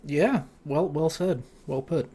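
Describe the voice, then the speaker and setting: A man's voice: on the high side, takes it slowly, mellow, husky. A man co-hosting a casual podcast, easygoing and mostly giving brief agreeing replies. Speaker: podcast co-host.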